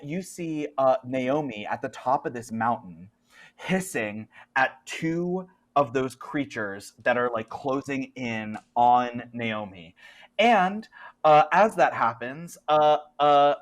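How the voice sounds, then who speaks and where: A man's voice: medium pitch, lively intonation, slow pace. A man running a tabletop horror game as game master, narrating the scene in a chatty way with lots of fillers.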